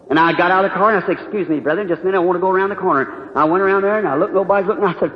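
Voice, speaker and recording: A man's voice: sits high, very fast. A middle-aged man preaching a sermon, telling stories with passion and pleading in rising bursts. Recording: echoey hall, dull lo-fi archive recording.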